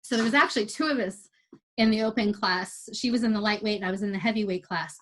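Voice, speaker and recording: A woman telling a lively, casual story about competing for the first time as an amateur athlete. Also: mid-range voice, fast talker. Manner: chatty, animated retelling with quoted dialogue.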